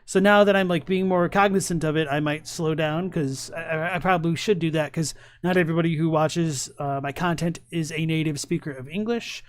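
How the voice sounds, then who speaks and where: With a fairly high pitch, this young man talks briskly with hardly any pauses as he casually comments on videos during a live stream. He's relaxed and rambles some, packing in fillers and restarts.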